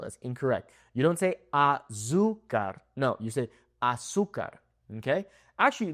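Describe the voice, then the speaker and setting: Young male Spanish tutor, animated pitch, chatty explainer who keeps asking "okay?". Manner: animated, frequent "okay?" check-ins. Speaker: Spanish teacher. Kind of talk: pronunciation lesson.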